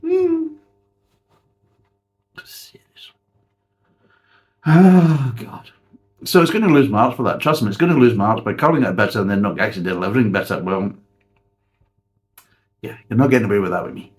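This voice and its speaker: A man's voice: fairly low pitch, quick pace. A man, reviewing a beer in a blunt, sarcastic way and swearing freely. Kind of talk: casual spoken review.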